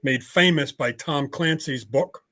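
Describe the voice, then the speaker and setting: An older American man speaks on a video call in a blunt, conversational way, pausing on fillers as he recounts his past. His voice sits a little high for a man. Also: fairly bright tone. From United States. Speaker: podcast guest. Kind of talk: storytelling interview.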